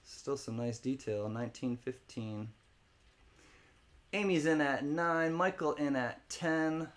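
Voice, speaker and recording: A man's voice: medium pitch, slow. A man hosting a live-stream coin auction, calling bids, greeting viewers by name and cracking jokes between lots. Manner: jokey, rambling, laughs often, chats with viewers by name; spells out words letter by letter for fun.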